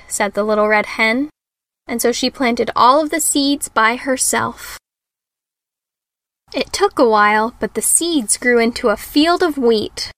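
A woman reading a children's story aloud with an unhurried, careful storybook delivery. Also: fairly high pitch, pushed and bright, dry recording.

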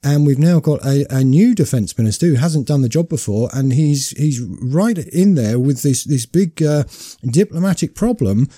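A British man hosting a live online radio talk show, speaking in a measured, rambling way with many repeated words. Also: mid-range voice, lively intonation, mellow, breathy edge, no room sound, clean studio sound.

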